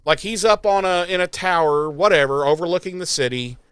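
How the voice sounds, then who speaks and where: Male podcast host, rambling, sarcastic, swears freely; clear resonant tone, dead-dry room. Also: sits high, lively intonation, a little fast, fairly bright tone, dry recording. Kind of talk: casual recap chat.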